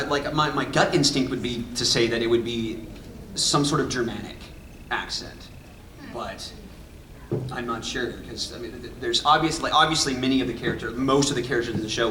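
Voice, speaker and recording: A man's voice: mid-range voice, distant mic, background noise. A man on a convention panel chatting casually, rambling and joking with lots of restarts. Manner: rambling and jokey, with many restarts. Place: large convention panel room. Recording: echoey hall, mic heard from afar.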